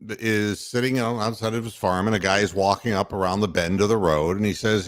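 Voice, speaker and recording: A man hosting a casual sports talk podcast, telling stories in an animated way with bursts of mock outrage and frequent laughter. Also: on the low side, fairly quick. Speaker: podcast host.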